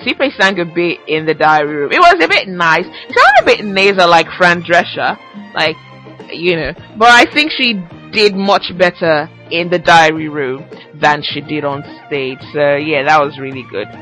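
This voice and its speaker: Young woman host, bright and forceful, loose teasing chat delivery over soft background music. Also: low voice, big pitch swings, moderate pace, poor audio. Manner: chatty and teasing, laughs often. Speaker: podcast host. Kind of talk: casual solo podcast chat.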